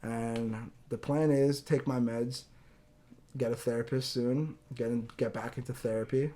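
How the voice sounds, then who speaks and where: A man's voice: mid-range voice, fairly even intonation, a little slow, mellow. A young man hosting a podcast, rambling through an anecdote in casual chat and acting out the people he quotes, with some swearing. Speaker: podcast host.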